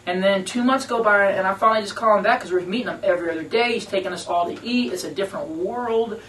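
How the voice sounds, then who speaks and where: A man, a band member, telling a story to radio hosts in a lively, slangy storytelling manner. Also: high voice, fast. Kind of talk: casual storytelling interview. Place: radio station conference room. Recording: roomy room, mic at a distance, faint noise.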